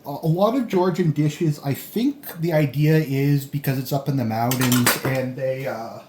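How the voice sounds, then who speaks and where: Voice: medium pitch, moderate pace, warm tone, echoey room. A food vlogger tasting a delivered meal at home, rambling and thinking aloud between bites, filmed on a camera set on a tripod. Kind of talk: casual food-tasting vlog.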